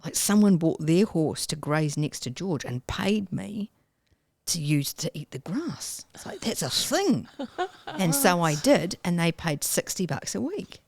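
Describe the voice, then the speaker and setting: Animated woman. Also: on the low side, unhurried, gravelly, breathy edge, dry recording. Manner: animated, acts out her own past self with sudden squeals and whispers. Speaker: guest. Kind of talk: storytelling in a casual interview.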